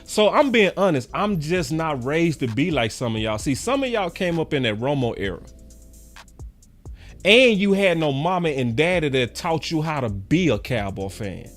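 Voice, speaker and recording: High-pitched, animated man fan ranting. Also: normal speed, faint music behind. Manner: emphatic, repetitive, preachy. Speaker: sports fan commentator. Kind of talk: passionate fan rant to camera.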